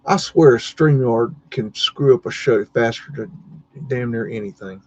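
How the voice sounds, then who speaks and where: The recording is lo-fi as a livestream host with an unhurried, slightly mellow mid-range voice casually looks at buildings. He rambles along, muttering and occasionally swearing mildly.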